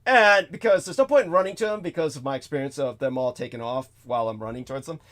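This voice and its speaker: A man's voice: on the high side, quick pace, a bit bright. A man hosting a talk show, telling a story in a profane, exasperated rant that swings between mutters and outbursts. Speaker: show host. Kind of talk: ranting storytelling monologue.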